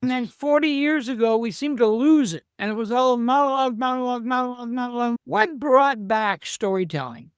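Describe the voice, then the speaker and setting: A man's voice: extremely high pitch, fairly even intonation, quick pace, hardly any pauses, clear, resonant tone, no echo, clean studio sound. A man with a Canadian accent, hosting a casual interview. He is conversational and curious. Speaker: podcast host.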